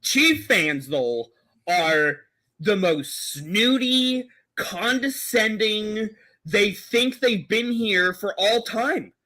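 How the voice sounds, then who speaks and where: A man's voice: high-pitched, expressive, extremely slow, pushed and bright. A man co-hosting a casual sports talk show, giving emphatic and opinionated takes. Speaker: co-host.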